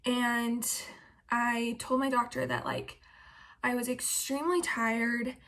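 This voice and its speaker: A woman's voice: on the high side, level tone, slow pace, fairly bright tone. A young woman vlogging casually about her pregnancy, chatty and full of "like" and "um" fillers. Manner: chatty, filler-heavy with frequent "like" and "um". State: heavily pregnant.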